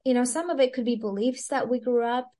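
Higher-voiced woman, chatty stress coach. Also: steady tone, brisk, warm tone. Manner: chatty, many "like" fillers, reflective. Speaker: Christian stress coach, podcast guest. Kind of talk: casual interview chat.

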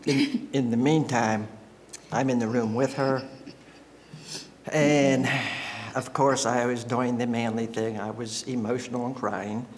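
A man giving a personal testimony to a church congregation, telling his story in an emotional, halting way that often breaks into laughter. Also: mid-range voice, fairly even intonation, a little hiss or hum.

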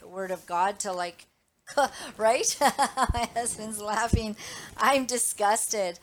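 A woman's voice: medium pitch, fairly bright tone, slight background noise. A woman hosting her own Christian commentary show, talking straight to her viewers in an emphatic, indignant, preachy way. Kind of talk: impassioned live commentary.

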